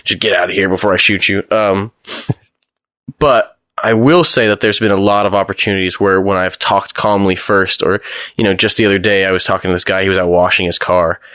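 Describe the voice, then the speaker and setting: A man's voice: sits low, clean tone, dry recording, clean studio sound. A young American man, a photographer, telling stories in a casual interview and acting out the exchanges he quotes. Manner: fast, animated storytelling, acts out quoted exchanges.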